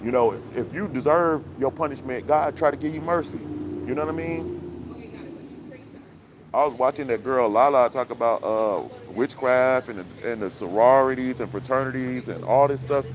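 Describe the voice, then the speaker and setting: A man's voice: medium pitch, normal speed, background noise. A man hosting a casual commentary chat, talking in a preachy, conspiratorial, rambling way full of fillers and laughs, recorded outdoors. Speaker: commentary channel host.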